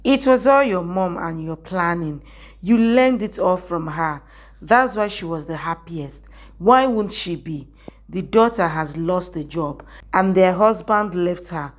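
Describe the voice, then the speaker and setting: Vengeful young man read by a woman narrator, low-ish and level, drama recap. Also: expressive, a little slow. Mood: bitter. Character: angry vengeful young man forcing a wedding.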